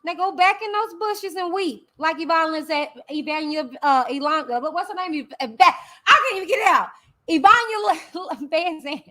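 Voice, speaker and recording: A woman's voice: very high-pitched, moderate pace, bright, forceful tone. A woman hosting her own livestream, talking in a dismissive, sassy casual rant with frequent laughs. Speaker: channel host.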